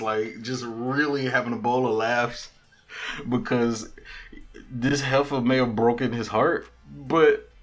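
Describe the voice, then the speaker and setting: A man hosting a podcast, casually recapping a TV episode in slangy, profane talk and acting out the characters' lines. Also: medium pitch. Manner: animated storytelling with quoted character lines and laughs. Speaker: podcast host.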